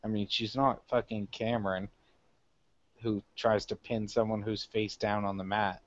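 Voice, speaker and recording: A man's voice: on the low side, flat delivery, unhurried. A man co-hosting a casual wrestling podcast, cracking dry, crude jokes. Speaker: podcast co-host. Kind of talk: casual wrestling review chat. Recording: dull lo-fi sound.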